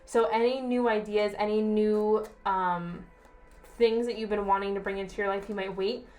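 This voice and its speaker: A woman's voice: mid-range voice, steady tone, moderate pace, a little mellow. Chatty woman giving a tarot reading. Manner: chatty, reassuring, repeats herself, asks "okay?". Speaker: tarot reader. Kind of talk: casual tarot reading to camera.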